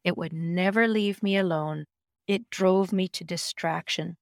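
A middle-aged woman telling a personal story as a podcast guest, emphatic and expressive, with sudden jumps in pitch. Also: unhurried, dry recording, studio quality.

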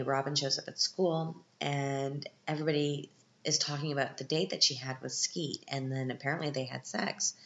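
A woman's voice: very deep voice, gravelly, a bit bright. A woman in her thirties casually recapping a film, chatty and candid with sarcastic asides. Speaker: podcast host. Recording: echoey, dull lo-fi room.

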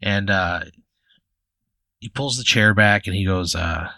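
A man narrates an improvised tabletop game as its game master, loose and chatty and full of "like" and "you know." His voice is fairly low and bright, with a forceful edge. It is recorded dry and close. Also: measured pace, dry recording.

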